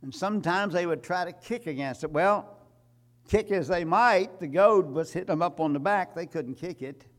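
Preacher guy giving a sermon, kinda high voice, gets loud and punchy on repeats. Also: normal speed. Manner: emphatic, rising to loud climaxes.

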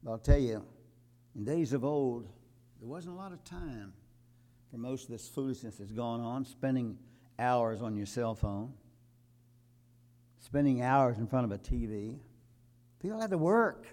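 A man's voice: medium pitch, unhurried, pauses often. Older male preacher with emphatic swells. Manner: rises to loud emphatic peaks, quotes scripture. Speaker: pastor. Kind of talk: sermon.

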